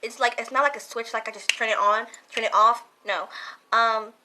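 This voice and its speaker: A young woman vlogging a casual question-and-answer talk, earnest and halting, often repeating herself as she explains. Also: fairly high pitch, fairly even intonation, noisy background.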